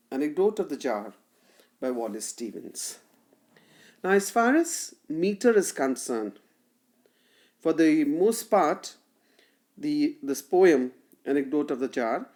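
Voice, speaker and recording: A woman delivers a literature lecture at an unhurried pace. Her pitch moves lively up and down as she breaks ideas into short, careful phrases and stresses key syllables. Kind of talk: recorded classroom lecture.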